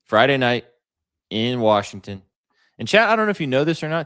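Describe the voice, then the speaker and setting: A man hosting a sports betting show, pitching his picks casually and addressing chat directly. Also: sing-song, a little fast, a bit bright, clear, resonant tone, no echo, studio quality. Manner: hyped, talks to chat directly.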